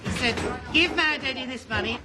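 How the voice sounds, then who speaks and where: A man's voice: very high-pitched, normal speed. An actor playing a timid, overly polite young man who speaks hesitantly. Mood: nervous. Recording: TV soundtrack with loud music.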